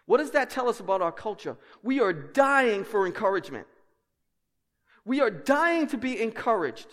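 A man preaching a sermon as pastor, emphatic, dropping to a hush and then rising loud, with rhetorical questions to the congregation. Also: sits high, big pitch swings, moderate pace. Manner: emphatic, swings between hushed and loud. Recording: reverberant church hall.

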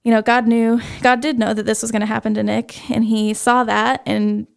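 Young adult woman, interview guest; earnest, halting testimony, fairly high and flat, fry under a smooth tone. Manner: earnest, halting, with many fillers. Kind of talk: personal faith testimony.

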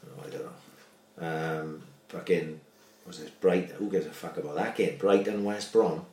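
A man's voice: sits low, fairly even intonation, a little slow, darkish tone, reverberant. A man in casual football chat, sweary and rambling as he tells stories.

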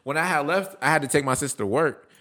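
A man's voice: on the high side, fast, a bit bright. A man co-hosting a podcast, telling stories in loose, profane casual chat. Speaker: podcast co-host.

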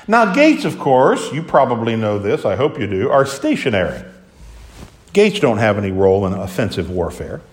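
This sermon comes from a man with a mid-range voice who acts out biblical characters. He shifts dramatically between loud exclamations and soft asides.

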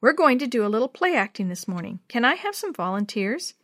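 A woman's voice: a little high, sing-song, fairly quick, dry recording, clean studio sound. A woman voicing a cheerful, encouraging teacher in a storybook. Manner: bright, encouraging.

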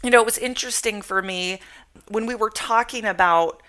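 A woman's voice: mid-range voice, moderate pace, a bit bright. A woman teaching a devotional Bible lesson on a podcast, reading scripture aloud and then explaining it conversationally.

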